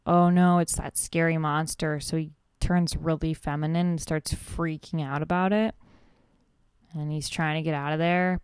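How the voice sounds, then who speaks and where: A woman's voice: sits low, darkish tone, smooth, no echo. A woman guest-hosting a podcast, giving a flippant, rambling comic recap of a cartoon episode, full of "like".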